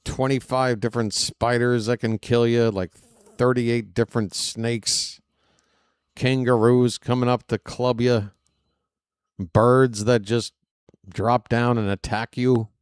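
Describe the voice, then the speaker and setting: A man doing fan play-by-play commentary of a baseball game, excitable and prone to rambling asides between pitches. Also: slow pace, smooth, dry recording, clean studio sound. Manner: excitable, shouts on big plays, rambling asides.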